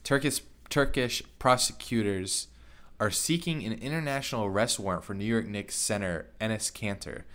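A man's voice: on the low side, normal speed, fairly bright tone. A man co-hosting a podcast, chatting about basketball news in a hesitant way with many ums. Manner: hesitant, lots of ums, reads out news items. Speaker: podcast co-host. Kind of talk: casual sports chat.

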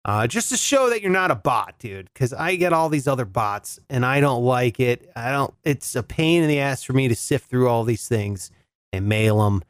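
A man's voice: medium pitch, expressive, normal speed, clear, resonant tone, dry recording, studio quality. A man hosting a solo podcast in a casual, laid-back way, swearing freely and calling listeners dude and bro. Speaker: podcast host.

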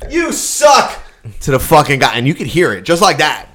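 A man's voice: mid-range voice, quick pace. A man in casual chat, telling a rowdy bar story and acting out the people in it, with lots of swearing. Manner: animated, profane, acts out quotes.

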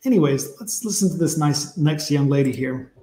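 Male streamer, blunt and profane, preachy, a bit high-pitched, echoey room. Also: lively intonation, moderate pace, mellow, a little hiss or hum. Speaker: streamer reacting to clips and chat. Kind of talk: casual live-stream commentary.

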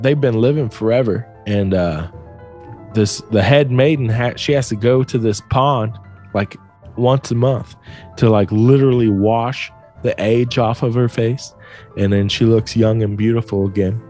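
A man's voice: mid-range voice, a little slow, a little mellow, soft background music, natural voice. Gossiping bird, slangy and mocking, voiced by a man. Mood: gossipy. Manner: laid-back slangy gossip.

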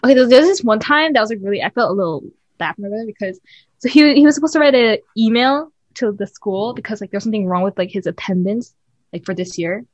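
A woman's voice: mid-range voice, quick pace, no room sound, muffled recording. A young woman co-hosting a podcast, telling family stories in casual chat with frequent laughter. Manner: laughing storyteller, animated retelling. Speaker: podcast co-host.

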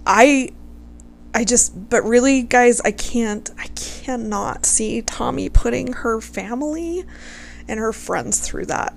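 A woman's voice: on the high side, takes it slowly, gravelly, a little hiss or hum. A woman casually telling a history story to her viewers, gushing over her subject, swearing freely and close to tears.

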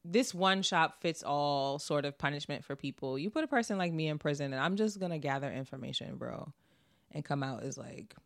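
A podcast co-host with a New York accent and a mid-range voice, chatting in a loose, animated way. The talk is slangy and profane, full of stories and quick laughs. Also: mid-range voice, creaky. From Brooklyn, New York. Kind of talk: casual podcast chat.

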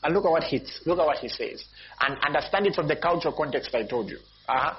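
A pastor preaching a sermon, repeating phrases and jumping up in pitch and volume for emphasis. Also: male voice, quick pace, breathy edge. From Zambia. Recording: dull lo-fi recording with faint noise.

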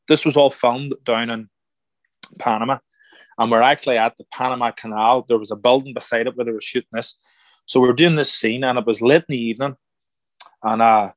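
A man telling a story in an interview as a guest, animated and acting out the voices of people he quotes. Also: medium pitch, no room sound. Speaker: guest, former boxer turned actor.

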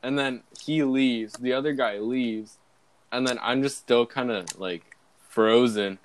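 A man's voice: mid-range voice, measured pace. A young man hosting a casual podcast, telling a rambling story and laughing often. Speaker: podcast host. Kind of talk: casual chat.

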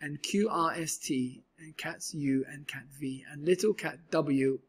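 A man's voice: fairly high pitch, unhurried, husky. A man reading a rhyming children's storybook aloud with a rhythmic, sing-song delivery. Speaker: storybook reader.

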